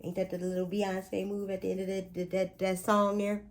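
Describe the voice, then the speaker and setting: A woman's voice: mid-range voice, little pitch movement, moderate pace. A woman talking casually to viewers in a spiritual pep talk, chatty and emphatic, with playful asides and speech. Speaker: astrology and spiritual reader.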